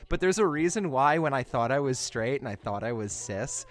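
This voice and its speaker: A young adult film commentator delivering a comedic, profanity-laced rant, self-mocking and animated. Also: medium pitch, normal speed, hardly any pauses, soft background music.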